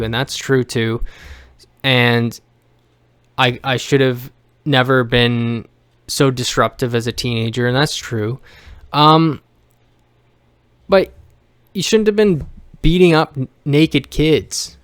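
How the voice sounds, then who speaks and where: Brief: male vlogger, raw profane rant, smooth clear voice, dry close sound. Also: medium pitch, fairly even intonation, slow pace, pauses often, no room sound. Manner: blunt, heavily profane, emotional venting; rambling with frequent restarts. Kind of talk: personal rant to camera.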